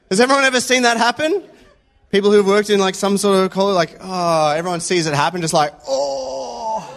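A man with a slightly raised pitch delivers a casual sermon. He talks in a loose, anecdotal way, trailing into stories and checking in with the listeners as he goes. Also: fairly bright tone. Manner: conversational, anecdotal, checks in with "yeah?". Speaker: preacher.

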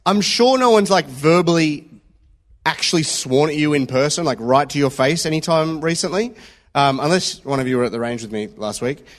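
A man's voice: a little high, expressive, normal speed. A man giving an informal, conversational sermon full of personal stories, often checking in with the listeners. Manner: conversational, anecdotal, checks in with "yeah?". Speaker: preacher.

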